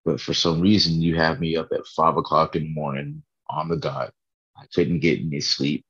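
Tired, low-voiced man talking about prayer. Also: level tone, normal speed, fairly bright tone, breathy edge, dull audio. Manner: earnest, rambling, laughs at himself. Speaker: vlogger sharing his morning prayer. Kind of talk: casual faith vlog. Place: bedroom, early morning.

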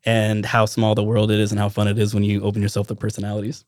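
Brief: a quick, rambling male podcast guest from Alaska, dry mic. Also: fairly low pitch, no echo. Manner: animated, rambling, self-interrupting. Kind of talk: casual storytelling.

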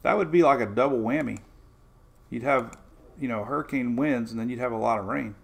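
Brisk and mid-range in pitch, a gravelly, creaky older man hosts a relaxed weather stream. He meanders through the forecasts and slips into homey asides along the way.

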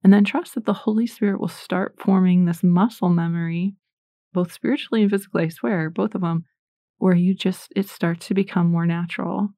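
Casting: middle-aged woman, casual faith podcaster, gravelly edge, dry close sound. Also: lowish voice, brisk, no room sound. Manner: chatty, animated, self-deprecating. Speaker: Christian podcaster.

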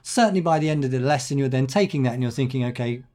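A middle-aged man, a headteacher, answering podcast interview questions in a thoughtful, measured way with frequent ums and restarts. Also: medium pitch, a little mellow.

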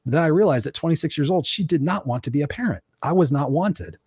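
A man's voice: fairly high pitch, lively intonation, fast talker, a little mellow, slightly rough, dry recording, clean studio sound. A man hosting a podcast, telling a candid, emotional personal story with lots of restarts. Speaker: podcast host. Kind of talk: personal storytelling in casual talk.

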